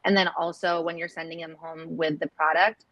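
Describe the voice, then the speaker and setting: A woman's voice: deep voice, flat delivery, fairly quick, dry recording, lo-fi sound. A woman interviewing a guest, encouraging and asking practical follow-up questions. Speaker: interviewer, editorial director.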